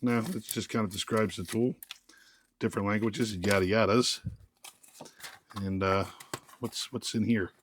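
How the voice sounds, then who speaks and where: A man's voice: fairly low pitch, steady tone, measured pace, pauses often, a bit bright, a little hiss or hum. A man casually reviewing tools while unboxing them, rambling and joking with lots of restarts and fillers. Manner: rambling, jokey, self-interrupting. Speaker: tool reviewer.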